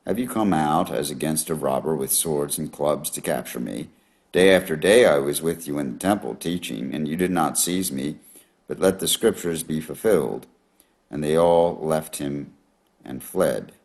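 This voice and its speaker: A man reading a long Bible passage aloud in a measured, steady way. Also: very deep voice. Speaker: scripture reader.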